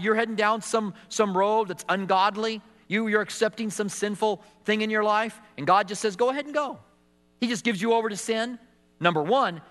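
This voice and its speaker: A man's voice: high voice, a bit bright, big-room sound. A middle-aged man preaching a sermon as a pastor, telling stories and acting out quotes with some humor. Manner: storytelling with acted quotes and humor.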